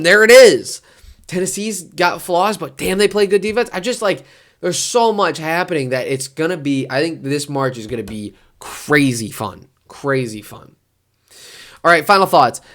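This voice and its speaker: A man vlogging about sports in a casual, rambling way, his voice jumping high when he gets worked up. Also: a bit bright. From Detroit area.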